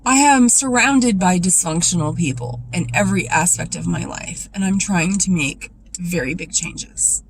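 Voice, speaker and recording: A woman vlogger speaking in a raw, emotional personal monologue, confessional and tearful, her voice dropping low when upset. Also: moderate pace, few pauses, a little hiss or hum, low-quality recording.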